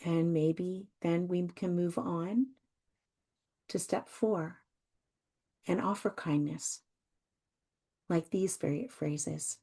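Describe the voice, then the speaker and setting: A woman hosting a self-help podcast, talking gently and reassuringly and repeating her phrases. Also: fairly low pitch, fairly even intonation, slow, long pauses. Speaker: podcast host.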